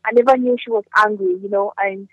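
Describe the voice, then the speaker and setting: Female comedian and actress being interviewed; relaxed and chatty, dry recording. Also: mid-range voice, a little fast, no echo, dull audio. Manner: chatty, leans on "you know". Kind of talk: casual interview answers.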